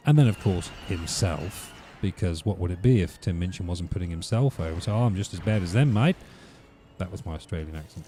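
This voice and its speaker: A man's voice: on the low side, dark tone, slight background noise. A man hosting a let's play, rambling through wry, ranting commentary while he plays.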